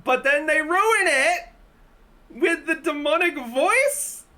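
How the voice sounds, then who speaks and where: Woman streamer reacting to videos, super animated, laughs a ton, slow-ish pace. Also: sits high. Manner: animated, laughs often, exasperated rants. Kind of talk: casual reaction commentary.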